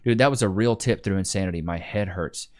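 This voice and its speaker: Young man, vlog host, casual chat, slangy, rambling, lowish voice. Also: brisk. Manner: rambling, slangy storytelling with "dude" and "bro". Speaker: YouTube commentator.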